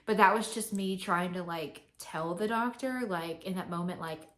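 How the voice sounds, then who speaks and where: A woman's voice: fairly low pitch, normal speed. A young woman vlogging to camera, telling a personal story in a chatty, candid way with many fillers.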